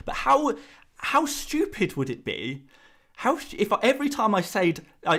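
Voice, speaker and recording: An English man hosting a live fantasy football stream, talking casually to his chat in a rambling, exasperated way. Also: a little fast. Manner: animated, rambling, voice jumps high when exasperated.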